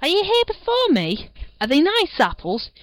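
A woman's voice: very high voice, huge pitch swings, moderate pace, no echo, voice pushed up, full character voice, poor audio. A woman voicing a sly male wolf in a storybook reading, coaxing in a sing-song way. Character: big bad male wolf, wheedling and sly.

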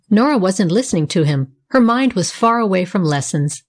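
Lady narrating a kids' storybook, gentle and even. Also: medium pitch, normal speed, hardly any pauses.

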